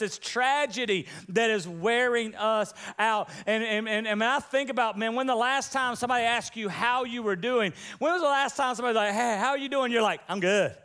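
A man's voice: sits high, clean tone. A middle-aged man preaching a humorous sermon, joking and calling for amens from the congregation. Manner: animated, joking, call-and-response with congregation. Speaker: pastor. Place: church sanctuary.

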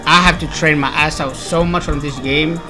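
A man commentating his own gameplay, yelling at a hard boss fight and swearing, with quiet mumbled asides between outbursts. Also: fairly high pitch, fairly even intonation, moderate pace, over music. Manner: shouts and yells at the game, swears, slangy. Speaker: gaming YouTuber.

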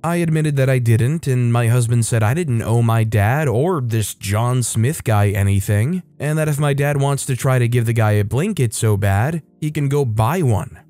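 Mellow-voiced man reading stories aloud. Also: mid-range voice, moderate pace, few pauses, no room sound, soft background music. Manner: reads posts aloud, then adds relaxed personal asides. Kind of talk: storytime narration with casual commentary.

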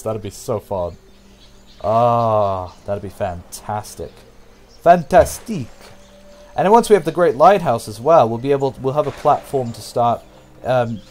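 A young man casually commenting on a strategy game as he plays, thinking aloud, humming and breaking into excited outbursts for viewers. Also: medium pitch. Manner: talks to himself and viewers, hums, excitable outbursts. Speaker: gameplay commentator. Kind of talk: casual let's-play commentary.

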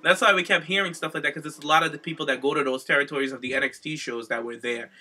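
An excitable man co-hosting a casual podcast, talking with real enthusiasm and swearing freely. His voice is very bright and tense and sits fairly high for a man. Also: rapid-fire. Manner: enthusiastic, excitable, swears and laughs while retelling stories. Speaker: podcast co-host.

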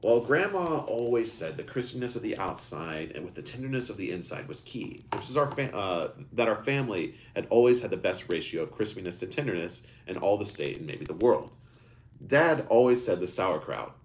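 A man's voice: fairly low pitch, big pitch swings, moderate pace, a little hiss or hum. A man voicing a shy young man.

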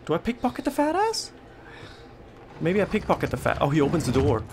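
A man's voice: fairly high pitch, wildly swooping pitch, fast, slight background noise. A man giving let's play commentary, panicking, swearing and joking to himself. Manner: panicky, swearing, jokey self-talk. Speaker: game streamer.

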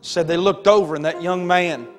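A man preaching a sermon, telling a story dramatically and building to shouts. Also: high voice, steady tone, moderate pace. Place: church sanctuary. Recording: long hall reverb with faint music.

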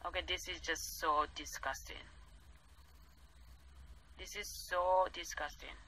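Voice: medium pitch, steady tone, slow pace, sharp tone, a little hiss or hum, low-quality recording. A vlogger ranting indignantly, with many "like" fillers and non-native English phrasing. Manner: indignant, heavy use of "like" fillers. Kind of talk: angry commentary rant.

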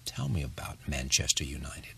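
A man's voice: a bass voice, sing-song, moderate pace, vocal fry, pushed and bright, breathy edge. A man hosting a television interview, reading a scripted introduction and then asking probing, conversational questions.

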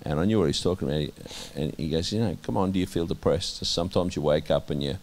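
Low-voiced aussie guy talking honestly in an interview, lots of restarts, goes quiet sometimes. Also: slight background noise. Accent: Australian. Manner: earnest, halting, many restarts, drops soft when quoting God. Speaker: interviewee, minister. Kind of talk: candid conversational testimony.

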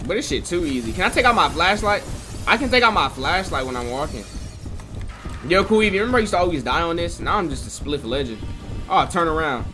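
A young man streaming a game, chatting casually with viewers in loose slang, joking and swinging between loud excited bursts and low mutters. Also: quick pace, faint music behind. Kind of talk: casual live-stream chat while gaming.

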